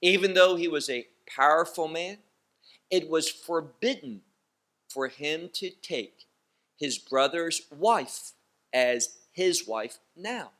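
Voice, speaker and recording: A man teaching a bible study, speaking slowly and emphatically, repeating phrases to drive his points home. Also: fairly high pitch, lively intonation, fairly bright tone. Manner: slow, emphatic, with pointed repetition.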